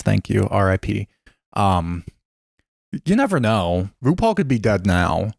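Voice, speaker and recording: A man co-hosting a podcast in casual chat, teasing and cracking deadpan jokes. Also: lowish voice, unhurried, vocal fry, pauses often, no echo, clean studio sound. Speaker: podcast co-host.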